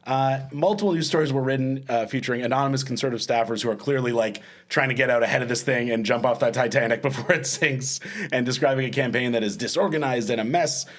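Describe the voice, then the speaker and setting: A man's voice: medium pitch, fast talker. A man hosting a comedic panel podcast, rambling and self-mocking, often laughing as he talks. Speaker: podcast host. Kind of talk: casual comedic panel chat.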